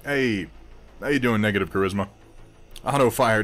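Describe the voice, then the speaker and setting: A man's voice: on the low side, expressive, normal speed, long pauses, over music. A man hosting a casual livestream, chatting wryly with viewers in a rambling way while he eats and paints miniatures.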